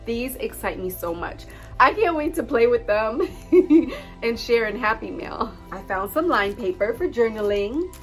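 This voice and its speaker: This is a woman vlogger with a fairly high voice, chatting through a craft haul at home. She gushes and exclaims, and her pitch leaps around constantly. Faint music runs under her talk. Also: measured pace. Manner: gushing, excitable, addresses viewers as friends. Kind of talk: casual haul video.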